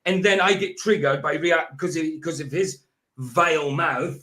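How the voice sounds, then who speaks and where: You're a Scottish host, voice a touch high; ramble, repeat, start over mid-sentence. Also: male voice, moderate pace, pushed and bright. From Scotland. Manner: rambling, restarts, repeats himself. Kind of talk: casual chat reacting to a video.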